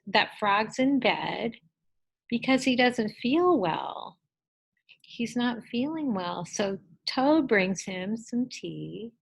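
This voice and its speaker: Slow, gentle woman teacher. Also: fairly high pitch, creaky, poor audio. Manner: gentle, encouraging, asks children questions. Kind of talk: lesson for young children.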